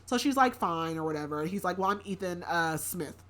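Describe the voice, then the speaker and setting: A woman's voice: on the low side, expressive, fast talker. Rambling woman recapping a plot. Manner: rambling, heavy use of filler words. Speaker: book podcast host.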